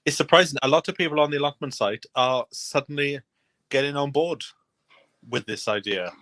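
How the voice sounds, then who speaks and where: A man's voice: fairly high pitch, brisk, fairly bright tone, dry recording. Chatty man, dry close sound. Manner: rambling, self-deprecating, chatty. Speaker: host. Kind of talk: casual chat.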